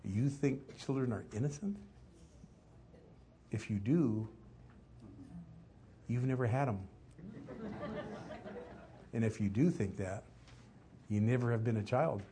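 A man preaching a sermon, reading scripture aloud and asking the listeners questions, swinging from loud emphasis to hushed asides. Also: mid-range voice, slow pace, long pauses, a little hiss or hum. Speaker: pastor.

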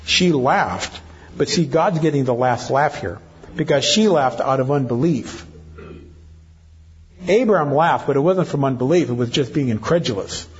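Man, older, pastor, sermon, very husky voice, teasing asides, muffled lo-fi recording. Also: medium pitch, expressive, moderate pace. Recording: dull lo-fi church recording.

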